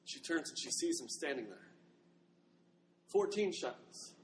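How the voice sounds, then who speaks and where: A man's voice: medium pitch, animated, a little fast, a bit bright. A male pastor preaching a sermon, dramatizing a story as he tells it. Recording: long hall reverb, faint noise.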